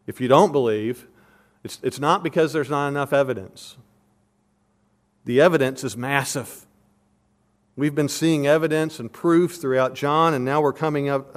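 A man preaching an earnest, emphatic sermon, working through a text verse by verse. He presses his points with repeated questions, then slows down to explain word meanings like a teacher. His voice sits at an ordinary middle pitch for a man. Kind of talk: expository sermon.

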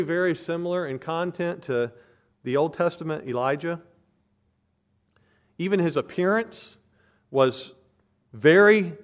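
Man preaching a teaching sermon. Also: on the high side. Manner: earnest teaching with emphatic repetition. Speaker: pastor.

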